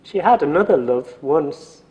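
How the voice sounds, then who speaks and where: A man's voice: a little high, expressive, measured pace, long reverb tail, muffled recording. A man narrating a story from a script in a dry, wry manner.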